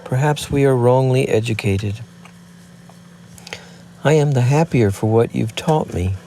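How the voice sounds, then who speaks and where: A man's voice: medium pitch, a little slow, mellow, slight background noise, pitched above the performer's own voice, lightly acted. A man reading aloud, voicing a proud, remorseful fallen woman in an impassioned, declamatory way. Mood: earnest.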